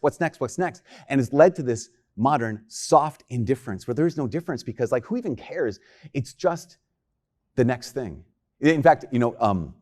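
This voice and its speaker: Guy preaching a homily, casual and jokey, acts out little quotes. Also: medium pitch. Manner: conversational, joking, animated with quoted voices. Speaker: priest.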